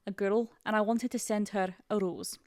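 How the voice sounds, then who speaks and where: A woman's voice: mid-range voice, steady tone, moderate pace, darkish tone, no echo, close to an everyday voice. A woman doing a Scottish accent. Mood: playful. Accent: Scottish, put on. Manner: trips over words, breaks into laughter. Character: woman telling a childhood story in a Scottish accent.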